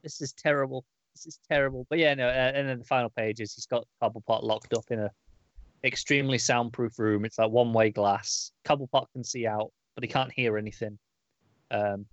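A man's voice: medium pitch, no room sound. Rambling man recapping a comic. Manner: rambling, many fillers, acts out quoted lines. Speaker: podcast co-host. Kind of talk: casual comic book review chat. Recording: dull, dry, lo-fi audio.

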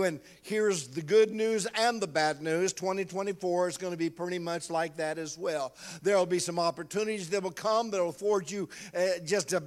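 An older man preaching a sermon, calling out to the congregation and telling a personal story. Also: high voice. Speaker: pastor.

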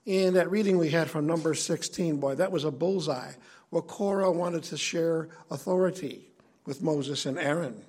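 Husky high-voiced male preacher. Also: normal speed. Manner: earnest, conversational teaching. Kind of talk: sermon.

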